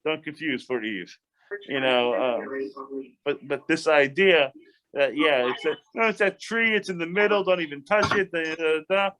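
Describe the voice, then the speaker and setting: A man, a rabbi, leading a casual Bible study, talking in an animated, chatty way with many restarts and asides. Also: on the high side, moderate pace.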